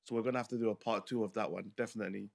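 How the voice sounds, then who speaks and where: A man's voice: fairly low pitch, steady tone, very fast, vocal fry. A man hosting a panel discussion, asking probing questions with frequent restarts. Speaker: host.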